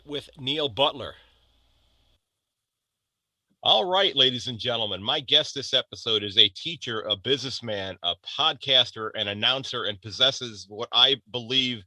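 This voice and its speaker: A man's voice: medium pitch, sharp tone, no echo. An American man in his fifties hosting a casual podcast chat, talking loosely with frequent restarts. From United States. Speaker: podcast host.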